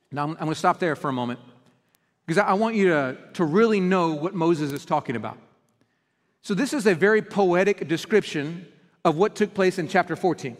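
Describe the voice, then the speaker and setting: Preacher, high voice, lively storyteller who repeats words, church hall echo. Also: male voice, brisk. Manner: animated storytelling, restarts words. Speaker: pastor. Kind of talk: sermon.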